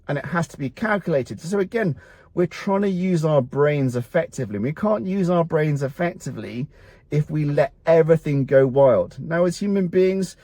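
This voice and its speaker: Speaking to camera, a middle-aged men's health clinic doctor delivers a blunt motivational talk on health, raising rhetorical questions before answering them himself. His voice is a little high and a little mellow, with no echo.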